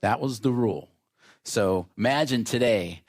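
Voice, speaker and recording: A male pastor preaches from the pulpit, spinning a family anecdote into a Bible lesson. His voice sits at an average pitch, and he breaks into the voices of the people in his story. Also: slow. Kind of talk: sermon.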